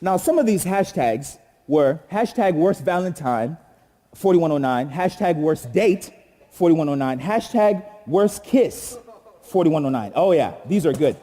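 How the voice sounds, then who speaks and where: A young man from Jamaica does a stand-up monologue as host of a live show. His voice sits fairly high and swings widely, from low mutters to near-shouts. The sound carries the long reverb of a studio hall. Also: normal speed. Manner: animated, exaggerated storytelling with shouts and mock-outrage. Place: live studio stage with audience.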